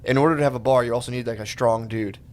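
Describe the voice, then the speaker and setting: A man riffing on a podcast, chiming in with quick reactions, swearing and joking. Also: medium pitch, steady tone. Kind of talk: casual podcast banter.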